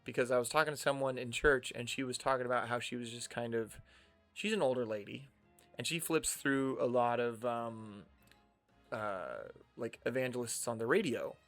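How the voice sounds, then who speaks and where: A young man talks in a relaxed, rambling way while he plays a game on stream. His voice has a gravelly, creaky edge and sits at an ordinary middle pitch. Faint game music plays underneath him. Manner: rambling, digressive, with filler pauses. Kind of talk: casual commentary while playing a game.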